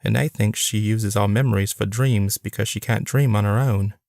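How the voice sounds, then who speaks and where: A man's voice: on the low side, steady tone, moderate pace, creaky, a little mellow, dry recording. A man voicing a polite Englishman with an English accent and dry humor, in an audiobook.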